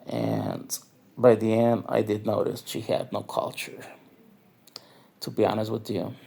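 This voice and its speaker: A man's voice: lowish voice, level tone, unhurried, creaky, dark tone, husky. A tipsy man from northern Mexico, rambling through a profane, filler-heavy nightlife story. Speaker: nightlife vlogger. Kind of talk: rambling drunk review monologue.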